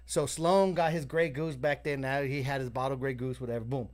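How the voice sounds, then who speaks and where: A man's voice: medium pitch, brisk. A man co-hosting a casual show, telling a long, profane story and acting out the voices of the people in it. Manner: profane, animated, acts out voices in his stories. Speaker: co-host. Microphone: video call.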